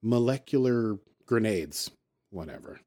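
A man co-hosting a podcast, recapping an episode in a rambling, playful way and dipping into quick voices when he quotes characters. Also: on the low side, animated, mellow. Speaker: podcast co-host. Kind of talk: casual recap chat.

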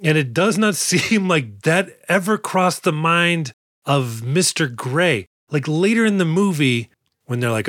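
A man's voice: a little high, animated, measured pace, a bit bright, dry recording. Brief: male podcast co-host, casual and profane, joking recaps, dry close sound. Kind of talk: casual chat.

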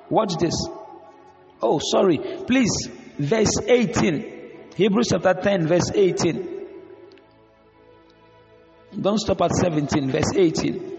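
A man's voice: high voice, gravelly. A man preaching a sermon in an emphatic, repetitive way, calling out questions to the congregation. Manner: emphatic and repetitive, calls and responses. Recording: echoey hall, dull sound.

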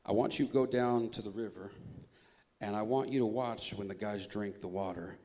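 A man voicing God in a sermon retelling, speaking in a calm, instructing way. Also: on the low side, moderate pace, close to an everyday voice. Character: God, calm commanding male deity. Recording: echoey hall reverb.

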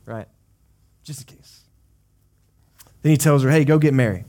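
A man's voice: medium pitch, normal speed, long pauses, warm tone. A man preaching a sermon as a pastor. He explains scripture in a conversational way, with casual asides, and acts out quoted voices of people. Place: church service.

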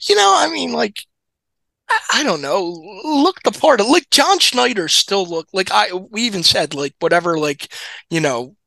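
A man's voice: sits high, lively intonation, measured pace, gravelly, pushed and bright, no echo. A man co-hosting a podcast, telling stories in a rambling, wry way, full of fillers. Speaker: podcast co-host. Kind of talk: casual storytelling chat.

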